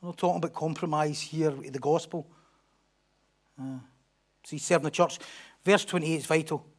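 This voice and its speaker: A man preaching a sermon as pastor, animated, acting out crowd voices and swinging from loud declarations to hushed asides. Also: fairly high pitch, normal speed. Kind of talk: expository sermon.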